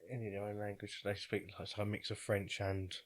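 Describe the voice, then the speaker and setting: Man, very low voice, casual co-host, musing. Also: monotone, a little fast. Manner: musing, unsure, trails off. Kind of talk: casual chat.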